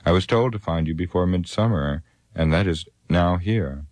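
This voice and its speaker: A man voicing a hurried old wizard. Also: sits low, darkish tone, dry recording, pitched above the performer's own voice, natural voice. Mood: urgent.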